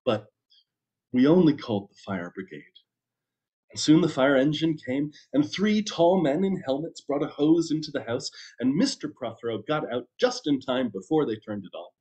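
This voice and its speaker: A man, a minister, reading a story aloud at a church service with an expressive storytelling delivery. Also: on the high side, moderate pace.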